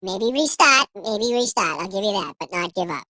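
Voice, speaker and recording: A man talking defiantly on a livestream while a glitch pitches his audio up into a chipmunk-like squeak. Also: lively intonation, moderate pace, pushed and bright, dry recording, full character voice. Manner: defiant, rambling. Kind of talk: casual livestream chat.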